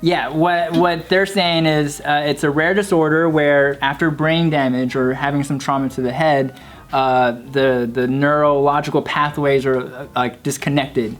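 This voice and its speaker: A man's voice: on the high side, steady tone, measured pace. A man hosting a casual commentary show, explaining a story loosely with plenty of filler words. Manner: explains stories with fillers and restarts. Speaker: host.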